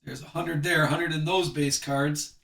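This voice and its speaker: A man's voice: on the high side, steady tone, creaky, a bit bright, roomy sound, recorded from a distance. A man hosting a live sports card break, chatting with viewers and reading off the cards as he opens packs. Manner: chatty, reads card names off quickly.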